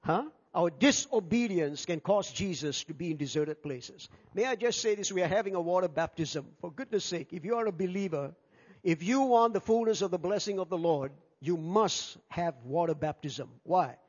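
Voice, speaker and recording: A man preaching a sermon as pastor, animated and acting out the people in his story. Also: sits high, moderate pace. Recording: dull sound with long hall reverb.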